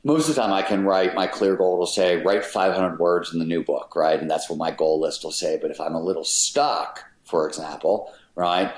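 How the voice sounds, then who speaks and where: Here a middle-aged podcast guest talks in a low voice at normal speed, hardly pausing. It's casual interview conversation where he pushes his ideas with emphasis and the odd curse word, recorded in an echoey, roomy space.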